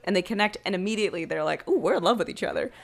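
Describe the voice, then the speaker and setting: A woman co-hosting a podcast, casually retelling an old film's plot and acting out the characters' lines with animated storytelling. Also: medium pitch, rapid-fire, vocal fry. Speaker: podcast co-host. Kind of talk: casual film recap chat.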